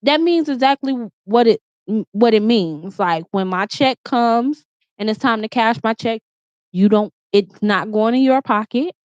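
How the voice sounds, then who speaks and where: A woman with a slightly high voice vents through a heated, profane story, circling back and repeating herself as her irritation builds. The sound is muffled and dull, with a close, dead-dry room around her. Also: unhurried, no echo. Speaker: vlogger. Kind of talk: casual storytime rant.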